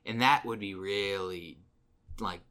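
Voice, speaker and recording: A man's voice: lowish voice, takes it slowly, bright, forceful tone. A man co-hosting a podcast, casually retelling a horror movie scene with lots of ums and restarts. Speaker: podcast co-host. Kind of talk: casual movie recap chat.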